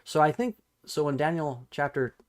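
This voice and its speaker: A man hosting a live-streamed Bible study, thinking out loud, correcting himself mid-sentence and reading scripture aloud while he looks up verses. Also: on the high side, animated. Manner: halting and self-correcting, restarts numbers while looking up verses; reads scripture and viewer chat aloud.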